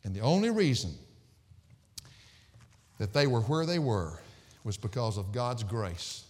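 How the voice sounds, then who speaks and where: A middle-aged male pastor preaching a sermon, emphatic and swinging from loud sarcastic peaks down to quiet low endings. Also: animated, measured pace. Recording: hall reverb.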